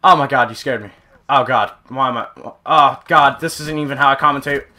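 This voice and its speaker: A young man commenting over his own gameplay, excitable and often yelping and exclaiming. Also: medium pitch, brisk. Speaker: gaming channel host.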